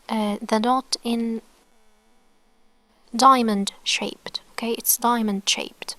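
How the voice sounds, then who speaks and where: A woman gives an online alphabet lesson at an unhurried, careful pace, in a slightly raised voice. She repeats each sound patiently, checks in with her learners again and again, and softens almost to a whisper when sounding out letters. The recording is dry and close. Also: on the high side, no echo. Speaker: Arabic teacher.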